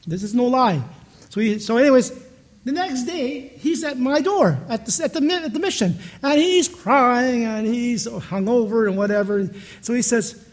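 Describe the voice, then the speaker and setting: A man's voice: extremely high pitch, lively intonation, moderate pace. A man pastor giving a conversational sermon, telling stories in a chatty way and often restarting his sentences. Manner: storytelling, chatty, with frequent restarts.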